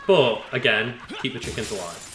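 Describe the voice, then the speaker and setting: A man playing along in a let's play, relaxed and hedging as he explains how he usually plays. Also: medium pitch, moderate pace, a little hiss or hum. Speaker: co-player. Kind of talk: casual gameplay commentary. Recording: echoey room.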